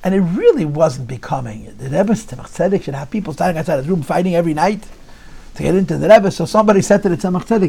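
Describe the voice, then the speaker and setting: A man telling a Chassidic story to an audience in an animated, repetitive storytelling manner. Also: a little high, quick pace, gravelly, slightly rough. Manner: animated storyteller, repeats phrases, drops into Yiddish.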